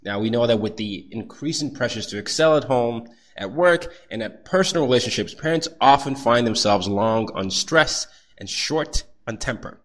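A young adult man hosting a podcast interview, animated, laughing easily, with frequent fillers. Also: mid-range voice, normal speed, hardly any pauses. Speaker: podcast host.

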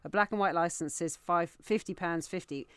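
A woman's voice: fairly low pitch, normal speed, fairly bright tone, clean tone, no echo. A woman co-hosting a radio talk show, trading dry, teasing remarks with the host. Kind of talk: casual radio chat.

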